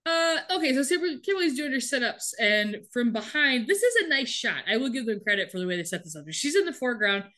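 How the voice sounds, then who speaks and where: A woman's voice: sits high, sing-song, quick pace, few pauses, pushed and bright. Chatty woman retelling a story. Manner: chatty storytelling, acts out quotes with laughs. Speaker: podcast co-host recapping a TV episode. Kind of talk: casual chat.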